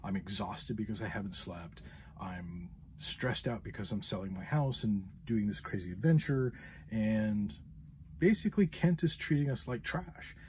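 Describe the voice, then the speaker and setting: A man's voice: lowish voice, expressive, normal speed, a little mellow, a little hiss or hum. A man hosting a podcast, telling a frustrated story in a casual monologue with many fillers. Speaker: podcast host.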